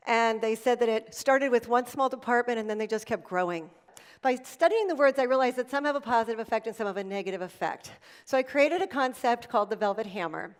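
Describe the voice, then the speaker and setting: A middle-aged woman giving a motivational keynote at an event, telling stories with dramatic pauses. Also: a little high. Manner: animated storytelling with dramatic pauses. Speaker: motivational speaker. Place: event hall.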